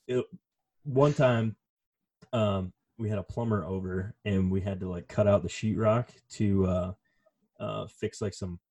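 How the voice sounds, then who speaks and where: A man's voice: fairly low pitch, steady tone, unhurried, darkish tone. A man co-hosting a podcast in casual chat, rambling and swearing with lots of fillers. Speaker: podcast co-host.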